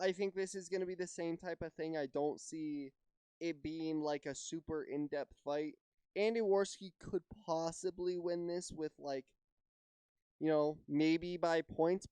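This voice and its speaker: A man's voice: on the high side, a little mellow, clean tone, no echo. A man hosting his own podcast alone, talking in a casual, rambling way, swearing freely and hedging with "like". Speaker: podcast host. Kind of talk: solo casual podcast chat.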